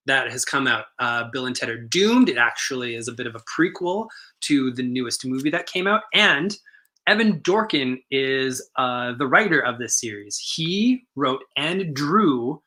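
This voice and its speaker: An enthusiastic man co-hosting a comic shop stream, his voice very bright and tense. He rambles cheerfully, stacking fillers and restarts as he talks up new releases. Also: mid-range voice, lively intonation, moderate pace. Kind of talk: casual chat.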